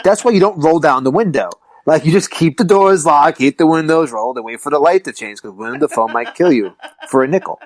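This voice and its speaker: A man's voice: on the high side, animated, a little fast. A man hosting a podcast in casual chat, joking and swearing freely. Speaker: podcast host.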